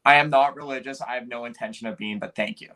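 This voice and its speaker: A man's voice: medium pitch, fast talker, sharp tone. A young man co-hosting a casual podcast, hesitant and searching for his words. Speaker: podcast co-host.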